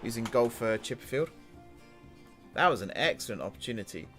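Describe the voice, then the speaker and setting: Gaming host, male, lively up-and-down delivery, talks at the screen like a fan in the stands. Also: medium pitch, brisk, soft background music. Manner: excitable, talks to the game's players. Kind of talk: casual game commentary.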